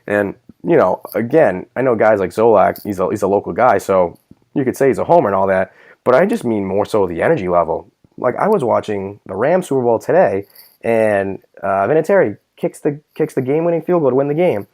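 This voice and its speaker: Low-voiced man ranting about sports. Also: a little fast. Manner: animated, swearing rants with loud mock outbursts. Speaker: podcast co-host. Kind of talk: casual sports podcast chat.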